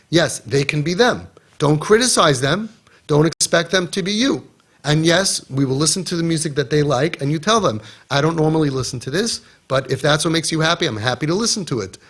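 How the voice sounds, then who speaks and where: A man giving a spoken Torah class, telling stories with animated, acted-out dialogue and earnest exhortation. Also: fairly high pitch. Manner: animated storytelling, acting out quoted dialogue. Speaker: Torah class teacher and parenting guide.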